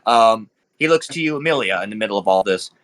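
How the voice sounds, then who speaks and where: Bright-voiced young man narrating a game. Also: on the low side, animated, quick pace. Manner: casual, filler-heavy description. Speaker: game master.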